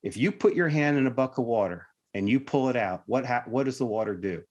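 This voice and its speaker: A man quoting a gruff, patient first sergeant. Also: medium pitch, animated, fast talker, darkish tone, muffled recording, lightly acted. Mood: steady. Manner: plain, patient, fatherly advice. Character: gruff, no-nonsense male Army first sergeant.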